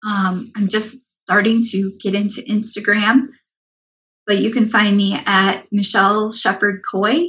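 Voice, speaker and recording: Guest coach, woman, mid-pitched, earnest and reassuring, steady advice-giving. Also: measured pace, poor audio. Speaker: money mindset coach, guest.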